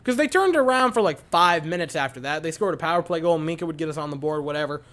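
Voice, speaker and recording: A man giving an animated post-game reaction to a hockey game, repeating his points for emphasis. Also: fairly high pitch, fast talker. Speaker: hockey fan commentator.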